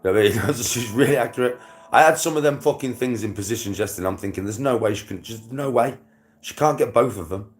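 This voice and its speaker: A man's voice: medium pitch, fast. A young British man chatting casually to his viewers, full of slang and swearing, laughing often. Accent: British English. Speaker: vlogger. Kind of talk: casual chat to a livestream.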